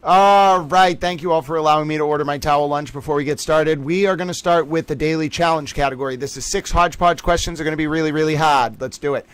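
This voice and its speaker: A man hosting a casual livestream trivia game, excitable and playful, swinging his voice up and down as he chats. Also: fast, few pauses, clean tone, dry recording. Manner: excitable and playful, jumps between pitches.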